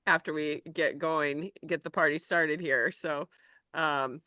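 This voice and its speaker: A woman's voice: deep voice, fairly even intonation, slow pace, sharp tone, dry recording, clean studio sound. A woman hosting a casual group health chat, bubbly and chatty with frequent laughter.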